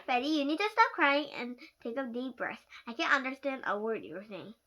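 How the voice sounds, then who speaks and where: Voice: high voice, sing-song, sharp tone, a little hiss or hum, full character voice. A child doing a stern, frazzled mom. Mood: firm. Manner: scolding, demanding, slow and emphatic. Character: frazzled, stern mother of a young boy. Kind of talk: reading a storybook aloud.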